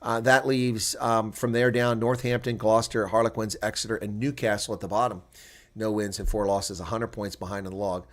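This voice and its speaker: A man calling a rugby match live on his own stream, muttering while he checks scores and growing loud and heated when play picks up or a referee call goes against his side. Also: fairly low pitch, a little fast. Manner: gets loud and excited during play, argues with referee calls. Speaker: live reaction commentator.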